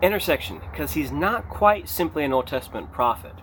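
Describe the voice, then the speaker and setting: A man preaching an unscripted sermon, emphatic and animated, rising to near shouts on key points. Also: fairly high pitch, fairly quick, slight background noise. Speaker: pastor.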